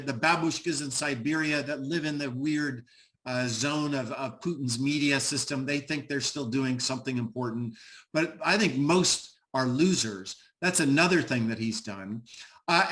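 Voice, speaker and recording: A man's voice: on the high side, a bit bright. A middle-aged American man speaking emphatically on an online panel, with frequent "uh" fillers and repeated words. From United States.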